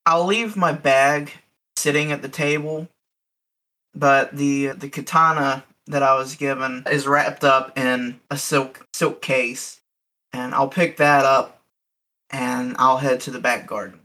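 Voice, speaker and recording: Bright-voiced man playing his character. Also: medium pitch, steady tone, slow, poor audio. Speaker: player. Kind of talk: in-character first-person role-play.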